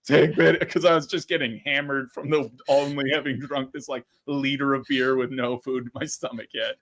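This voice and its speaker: A man co-hosting a podcast, telling stories in a relaxed, laughing way. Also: medium pitch, normal speed. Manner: laid-back, laughing storyteller. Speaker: podcast co-host. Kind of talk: casual chat.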